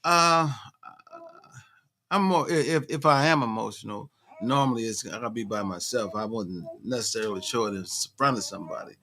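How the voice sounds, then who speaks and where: A man's voice: fairly low pitch, moderate pace, pushed and bright. A man co-hosting a talk show in a laid-back, rambling way, often restarting his sentences. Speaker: co-host. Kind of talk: casual talk show chat.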